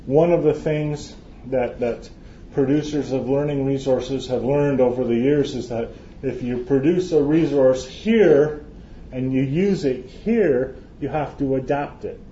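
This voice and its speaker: A man's voice: medium pitch, unhurried, mellow, slight background noise. Guy giving a talk, chatty and jokey, keeps restarting lines, echoey dull hall sound. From Canada. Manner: chatty, joking, restarts phrases often. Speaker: conference speaker. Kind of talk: live lecture to an audience. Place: lecture hall with audience. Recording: roomy, dull hall recording.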